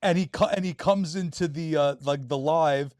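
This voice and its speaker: A man talking as a podcast guest, loose and joking, quick to laugh and swear. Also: fairly high pitch, a little mellow, no room sound, studio quality. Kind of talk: casual chat.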